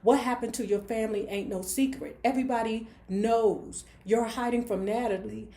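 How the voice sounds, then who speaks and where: A woman's voice: on the high side, fairly even intonation, normal speed, mellow, natural voice. A woman voicing a blunt, dismissive streetwise young man in a storybook reading. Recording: roomy echo.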